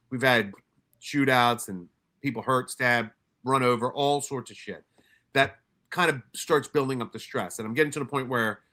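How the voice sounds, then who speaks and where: A man's voice: mid-range voice, a bit bright. A middle-aged man, a former homicide detective, telling blunt, profane stories at a workshop with frequent restarts. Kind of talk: candid storytelling talk.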